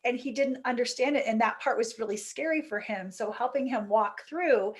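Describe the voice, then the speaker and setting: A woman, a teacher, gently telling a story in a casual discussion. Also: a little high, moderate pace.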